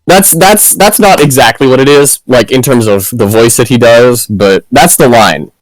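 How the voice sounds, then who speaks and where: A man chatting casually with fellow tabletop game players, playful and quick to laugh. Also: medium pitch, animated, no echo, rough recording. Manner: giggly, playful. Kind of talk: casual chat.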